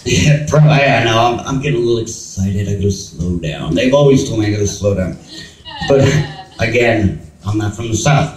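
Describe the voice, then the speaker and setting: A man's voice: on the low side, animated, moderate pace, distant mic. Rambling stand-up man in echoey room. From US East Coast. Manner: rambling, self-interrupting, laughs at own jokes. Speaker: stand-up comedian. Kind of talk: open-mic stand-up set. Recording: echoey venue, mic from afar.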